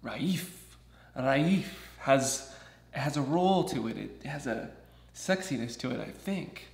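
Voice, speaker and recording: A man's voice: mid-range voice, animated, unhurried, vocal fry, darkish tone, reverberant. A man in his thirties from Southern California, talking candidly in a casual personal vlog and acting out what other people said to him. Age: 30s. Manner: chatty, candid, acts out other people's lines. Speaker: vlogger.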